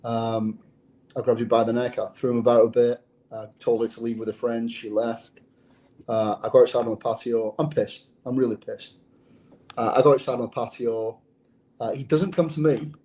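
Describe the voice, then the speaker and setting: Interview guest, male former undercover cop: dark, mellow tone, blunt and profane, restarts his phrases. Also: mid-range voice, flat delivery, moderate pace. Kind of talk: casual interview storytelling.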